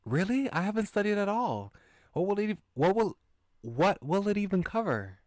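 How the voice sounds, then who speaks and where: A man voicing an upbeat teenage schoolboy friend in a bubbly, high Valley Girl voice. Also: big pitch swings, normal speed, a little mellow, no echo, clean studio sound. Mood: eager.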